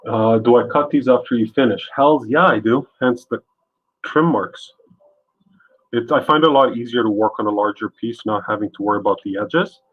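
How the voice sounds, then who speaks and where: A man's voice: medium pitch, normal speed, slightly rough, lo-fi sound. A man live-streaming his art, chatting casually and joking with his chat as he works. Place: home art studio.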